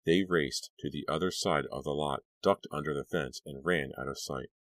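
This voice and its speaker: A man narrating an audiobook with an expressive, dramatic reading. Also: extremely low pitch, moderate pace, dry recording. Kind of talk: scripted narration.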